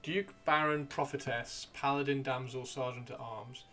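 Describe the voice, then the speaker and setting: A man's voice: mid-range voice, steady tone, normal speed, a bit bright. A man hosting a livestream, chatting casually and rambling to himself as he browses, with the odd swear. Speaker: livestream host. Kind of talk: casual chat while gaming.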